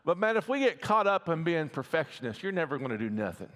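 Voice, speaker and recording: A man's voice: fairly high pitch, sing-song, fast, a bit bright. A middle-aged man preaching a sermon as pastor, folksy and often checking in with the congregation. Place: church sanctuary. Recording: long reverb of a church hall.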